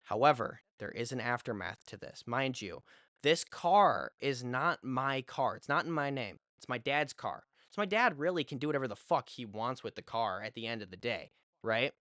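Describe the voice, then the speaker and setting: A man's voice: medium pitch, lively intonation, moderate pace, bright, forceful tone, dry recording, studio quality. A young man telling a story to his vlog audience in a casual, rambling way, swearing freely. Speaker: vlogger. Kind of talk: story time.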